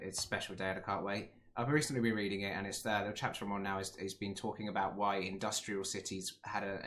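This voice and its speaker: Chatty man, slightly hoarse voice. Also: low-pitched, fairly bright tone, slight background noise. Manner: chatty, rambling, with frequent ums and asides. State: slightly hoarse, losing his voice. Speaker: gaming YouTuber. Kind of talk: casual game commentary.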